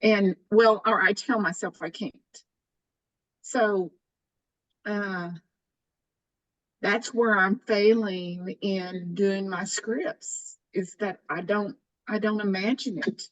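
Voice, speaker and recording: A woman in her sixties sharing her own experience in a faith group, halting and restarting as she speaks. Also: mid-range voice, steady tone, rough recording. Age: 60s. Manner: halting, with many restarts and fillers.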